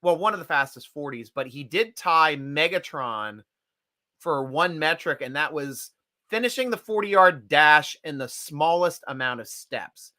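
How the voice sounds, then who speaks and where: A middle-aged man hosts a casual live-stream chat, animated and laughing easily. His voice is bright and fairly high. The sound is dry and close. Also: dry recording. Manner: animated and chatty, quick to laugh. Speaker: host.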